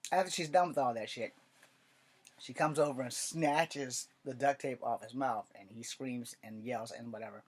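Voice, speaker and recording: A man hosting his own casual vlog, chatting through a story draft in a loose, rambling way. He swears often and speaks at a middle pitch. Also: moderate pace, husky. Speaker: writer and channel host.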